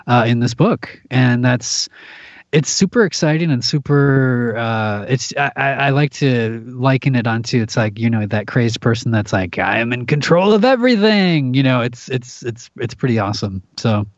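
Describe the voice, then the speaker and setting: A man's voice: mid-range voice, steady tone, normal speed, no echo, dull audio. A man who works as an actor and audiobook narrator, chatting animatedly as a podcast guest and laughing often. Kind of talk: casual conversation.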